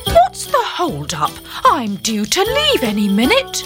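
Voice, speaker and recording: A woman voicing an impatient, bossy old male Santa in a storybook reading, brisk and exasperated. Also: sits high, wildly swooping pitch, pitched above the performer's own voice, exaggerated voice. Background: children's music.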